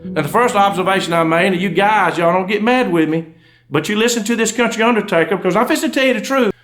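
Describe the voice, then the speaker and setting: A man's voice: high voice, fast, fairly bright tone, soft background music. A middle-aged man with a Southern US accent, a country undertaker telling folksy comic stories to a live audience. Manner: folksy, drawling, breaks into laughs at punchlines. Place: stage before a live audience.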